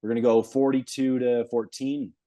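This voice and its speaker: A man's voice: medium pitch, level tone, normal speed, mellow, no echo. A man co-hosting a casual sports podcast, a teasing talker who laughs often. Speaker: podcast co-host.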